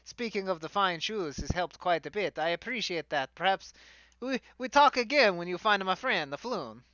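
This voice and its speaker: A fussy fantasy travel writer stumbles through halting, broken sentences in an exaggerated put-on Italian accent, as a man acts him out. The tone is bright and crisp. The recording is dry and a little dull. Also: high voice, expressive, no echo. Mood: chatty.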